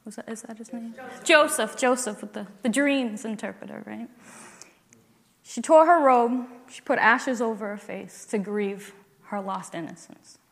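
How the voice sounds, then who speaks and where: A woman's voice: on the high side, moderate pace, creaky, big-room sound. A woman giving a personal faith testimony in an earnest way, building up to emphatic declarations.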